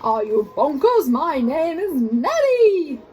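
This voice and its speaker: A woman voicing a cross female monster who speaks in a loud, drawn-out way. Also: fairly high pitch, close to an everyday voice.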